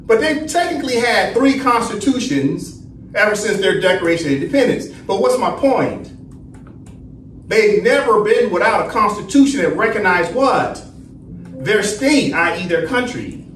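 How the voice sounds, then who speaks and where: A man's voice: high-pitched, lively intonation, normal speed, fairly bright tone. A man teaching a study session, asking the class questions and answering them himself, checking in with "right?" again and again. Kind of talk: lecturing class. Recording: roomy echo, distant mic, faint noise.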